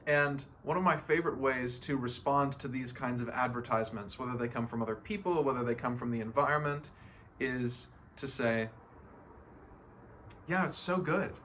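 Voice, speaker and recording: A man's voice: mid-range voice, fairly quick, a bit bright, a little hiss or hum. A man giving a casual, playful motivational talk on feeling good, laughing often and acting out other people's voices. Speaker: spiritual self-help speaker.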